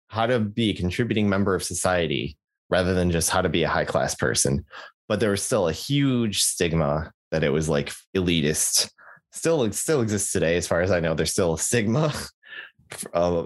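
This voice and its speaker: Low-voiced young man rambling on a podcast. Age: young adult. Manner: rambling, jokey, many fillers and restarts. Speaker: podcast co-host. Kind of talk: casual podcast chat.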